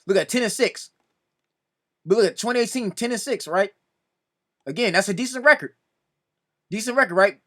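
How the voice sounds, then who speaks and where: Man, high and sharp-toned, casual reaction commentary, exasperated and repetitive. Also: normal speed, pauses often. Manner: exasperated, repeatedly pleading "come on now"; addresses another commentator directly. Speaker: sports reaction video host.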